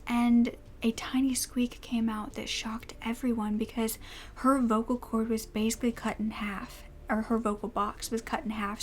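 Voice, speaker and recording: A woman telling a true crime story in a soft voice that often drops to a whisper. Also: fairly high pitch, slight background noise.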